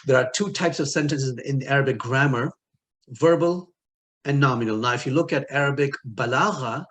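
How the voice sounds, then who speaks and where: A man's voice: mid-range voice, fairly quick, fairly bright tone. A man teaching an Arabic linguistics lesson, explaining patiently, repeating key words and asking the listener questions. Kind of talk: recorded lecture.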